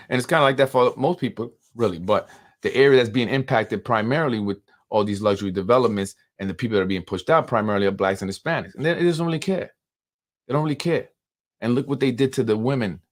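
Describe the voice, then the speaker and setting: Emphatic New man ranting on politics. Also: mid-range voice. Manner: emphatic, repeats himself, rhetorical questions. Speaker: political commentary host. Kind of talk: unscripted political commentary.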